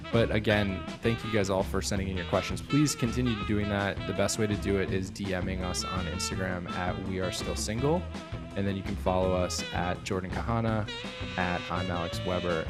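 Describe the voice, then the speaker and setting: Brief: male podcast co-host, deep with a creaky edge, loose casual delivery, guitar music bed. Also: moderate pace. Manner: relaxed, swears casually.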